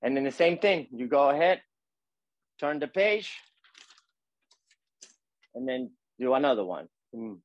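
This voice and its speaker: Male calligraphy teacher, mid pitch, loose coaching patter full of fillers, dry room. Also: a little slow, pauses often, no echo, highs cut off. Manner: relaxed, repetitive coaching with many fillers. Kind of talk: live demonstration lesson.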